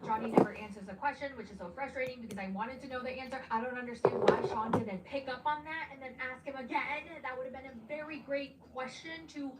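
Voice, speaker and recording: A young woman giving a chatty, animated recap of a reality show, dropping into character voices. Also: sits high, fast, hardly any pauses, distant mic. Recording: echoey room, off-mic, noisy background.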